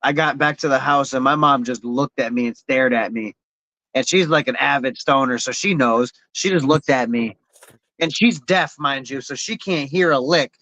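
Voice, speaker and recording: A man's voice: mid-range voice, moderate pace, bright, forceful tone, a little hiss or hum, rough recording. A man co-hosting a casual podcast, telling a laid-back story with chuckles and fillers. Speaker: podcast co-host.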